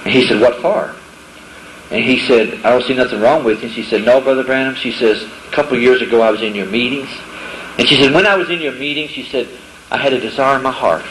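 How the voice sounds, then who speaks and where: A man's voice: medium pitch, fast, a bit bright, a little hiss or hum. A middle-aged man giving a folksy testimony to young people, acting out the voices of the people in his stories. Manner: storytelling, acts out quoted voices, folksy grammar. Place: camp meeting hall. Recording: echoey hall with faint ambience.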